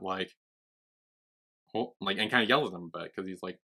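A man's voice: lowish voice, fairly even intonation, moderate pace, pauses often, bright, forceful tone. A young man co-hosting a podcast in casual chat, laid-back, swearing casually as he retells scenes. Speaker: podcast co-host.

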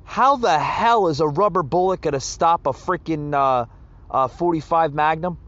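Heated and stumbling, with plenty of fillers, this podcast host rants on his political commentary show. He speaks at normal speed in a fairly high, fairly bright voice, captured in dull lo-fi sound.

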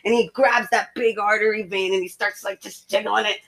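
A woman's voice: medium pitch, a little fast, background noise. Young woman telling a gory story. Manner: graphic, animated horror storytelling with lots of "like" and "you know". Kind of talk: casual storytelling among friends.

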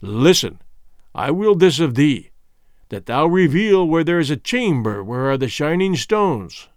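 A man voicing a stern, commanding king in an audiobook, with measured, grave pronouncements. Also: a little high, sing-song, no echo, studio quality. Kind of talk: audiobook character voice.

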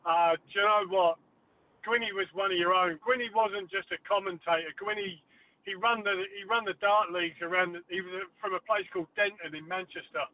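High-voiced man on a phone line. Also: fairly even intonation, fairly quick. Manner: chatty storytelling with many fillers. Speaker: guest, former darts player. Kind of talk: casual phone interview. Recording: tinny phone line, dry.

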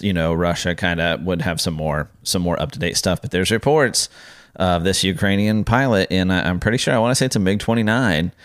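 Rambling deep-voiced man chatting casually. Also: smooth, no room sound, studio quality. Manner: rambling, hesitant, many fillers and restarts. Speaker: podcast co-host. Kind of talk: casual chat.

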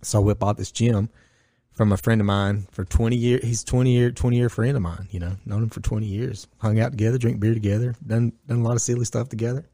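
A man's voice: fairly low pitch, quick pace, dry recording. Blunt, profane man telling a story. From Northwest Georgia, US. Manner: blunt and profane, with lively acted-out quotes. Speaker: podcast guest, gym owner. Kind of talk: casual storytelling chat.

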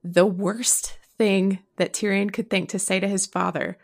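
A woman co-hosting a casual podcast discussion, talking in an emotional, expressive way. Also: medium pitch, a little slow. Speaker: podcast co-host. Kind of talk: casual chat.

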